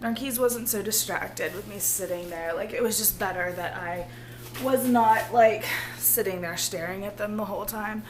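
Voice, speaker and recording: A woman, hoarse and losing her voice, talking casually and earnestly to her viewers in a rambling vlog, often laughing. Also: medium pitch, normal speed, a little hiss or hum. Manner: rambling, earnest, laughs often, drops to a near-whisper at times. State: losing her voice, feeling ill. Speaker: vlogger.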